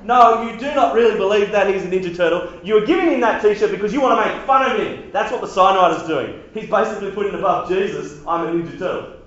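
A man giving a sermon to young people, animated and casual, repeating himself and acting out quotes. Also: high voice, quick pace, few pauses. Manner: animated, repetitive, casual slang, acts out quotes. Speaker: youth preacher. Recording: very echoey hall, dull sound.

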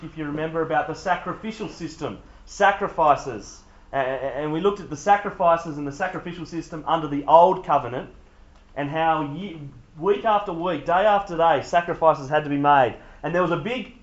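A man preaching a sermon to a youth group, talking with the room in a conversational, jokey way. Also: fairly high pitch. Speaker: youth pastor. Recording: dull lo-fi sound.

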